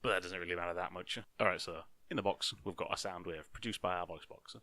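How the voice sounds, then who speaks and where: A young man talks through a science explanation in a loose, joking way and teases himself as he goes. His voice sits very low. The recording is dry and close, with no room sound. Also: fairly even intonation, quick pace, bright, forceful tone, no room sound. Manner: jokey, mock-boastful, talks to himself. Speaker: science video host.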